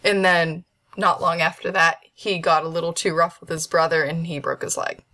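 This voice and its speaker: A woman's voice: on the low side, little pitch movement, normal speed, pushed and bright. Hesitant woman, fillers and restarts. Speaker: voice actor guest. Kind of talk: casual interview chat. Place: at home with a dog.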